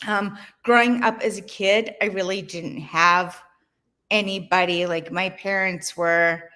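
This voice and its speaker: A woman's voice: mid-range voice, fairly even intonation, unhurried, pushed and bright, slight background noise. A middle-aged woman from Boston, a guest author chatting candidly and laughing often in an interview over a video call. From Boston, USA. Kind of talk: casual interview chat.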